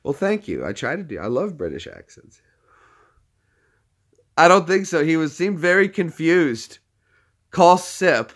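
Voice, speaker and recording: A man's voice: fairly high pitch, big pitch swings, a little slow, long pauses, a bit bright. Man, livestream host, rambling, restarts sentences, casual chat, phone mic.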